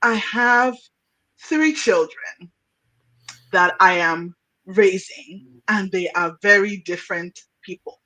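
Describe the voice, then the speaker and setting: A woman's voice: medium pitch, takes it slowly, pushed and bright, rough recording. A woman hosting an interview, affirming her guest and thinking aloud with frequent restarts. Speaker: podcast host. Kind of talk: conversational interview.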